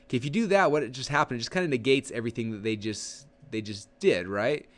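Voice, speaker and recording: A man in his thirties with a medium-pitched voice coaches an online audience through a live webinar walkthrough. He rambles, restarts often, and throws in quick acted-out asides.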